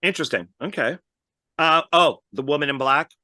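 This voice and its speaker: A man's voice: fairly high pitch, normal speed, bright, forceful tone, dry recording, studio quality. A man hosting a casual interview, an eager fan talking about films he owns. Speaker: interview host.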